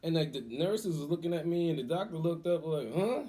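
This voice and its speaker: A man casually telling a story on his vlog, animated and acting out the voices of people in it. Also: on the high side, fairly quick. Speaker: cooking vlogger.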